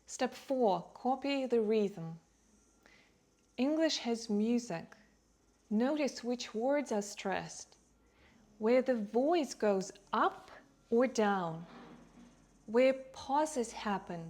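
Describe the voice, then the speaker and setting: A woman teaching English who talks slowly and clearly, leaning on key words to show stress and rhythm for learners. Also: on the high side, lively intonation, a little mellow. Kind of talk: slow, clear teaching delivery.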